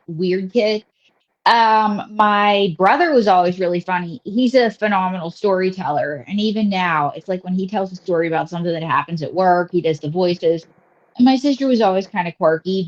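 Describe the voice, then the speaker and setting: Chatty Western Pennsylvania woman comedian. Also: medium pitch. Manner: chatty storyteller, rambling with many fillers and asides. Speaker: comedian guest. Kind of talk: casual interview chat. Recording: slightly dull lo-fi audio.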